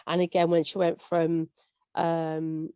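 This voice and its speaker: A woman's voice: low voice, completely flat delivery, takes it slowly, mellow, clean tone, no room sound, muffled recording. A woman hosting a live panel as a parent, talking in an earnest, conversational way with some restarts.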